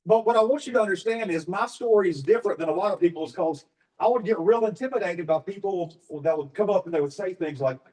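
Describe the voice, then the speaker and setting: Higher-voiced man telling his story off mic. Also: animated, a little mellow, distant mic, poor audio. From Alabama. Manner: halting, filler-heavy storytelling. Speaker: business partner sharing his story. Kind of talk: testimony to a live audience.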